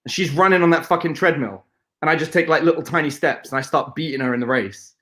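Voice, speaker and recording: A British man speaking with a noticeably high voice tells lively stories as a dating coach. He is playful and profane, and he jumps into scenes to act them out. His voice bounces around an echoey room. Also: quick pace. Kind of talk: animated interview storytelling.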